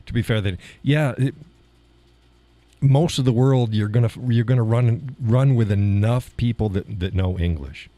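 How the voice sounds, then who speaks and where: A man's voice: medium pitch, a little slow, dark tone, dry recording. A man with a Texan accent hosting a live stream, chatting casually and chuckling between viewer comments. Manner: chuckling, drawling, trails off into mumbled asides.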